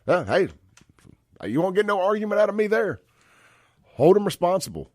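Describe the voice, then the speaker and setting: A man's voice: high voice, very animated, normal speed, darkish tone, dry recording, clean studio sound. A man from Mississippi hosting a talk radio show, blunt and folksy, calling listeners brother. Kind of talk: conservative talk radio commentary.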